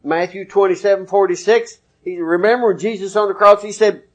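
A male preacher delivers his sermon in a relaxed, folksy, conversational way, citing chapter and verse as he goes. His voice sits fairly high for a man. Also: brisk.

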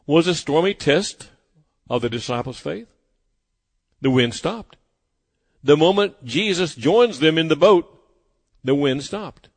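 A fairly high-voiced man delivers a sermon in an emphatic, insistent way, circling back to the same phrases to press them home. His voice rings out with a long, lingering reverb, as if filling a large hall. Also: lively intonation, slow pace, pauses often. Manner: emphatic, repeats phrases for weight. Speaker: preacher.

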